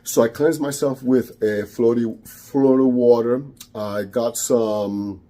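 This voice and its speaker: A man's voice: mid-range voice, steady tone, measured pace, mellow. A man, a spiritual practitioner telling a personal story, hesitant and repeating words, with Spanish phrases mixed in. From Caribbean.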